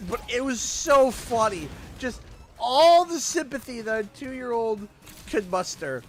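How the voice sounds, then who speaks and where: A Canadian man in his thirties chatting casually while playing a game, telling animated stories and laughing often. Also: extremely high pitch, measured pace, faint music behind. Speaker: gaming YouTuber.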